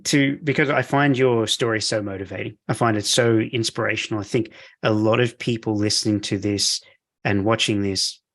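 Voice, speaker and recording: A middle-aged man hosts a podcast with a lowish, fairly bright voice. In casual chat he's enthusiastic and encouraging, and he laughs easily.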